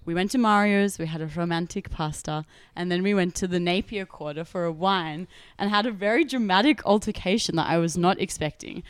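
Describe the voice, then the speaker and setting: A young Australian woman co-hosting a podcast, telling a story in a lively, laughing way and acting out quotes. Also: lowish voice, clean tone, no echo. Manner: animated, laughing, acts out quotes. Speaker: podcast co-host. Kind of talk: casual storytelling chat.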